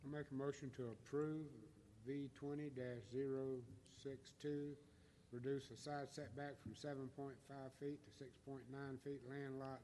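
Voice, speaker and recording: A man on a public board reading formal motions aloud in a flat, even recitation of figures and addresses. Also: medium pitch, slight background noise. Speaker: board member. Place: community center gym.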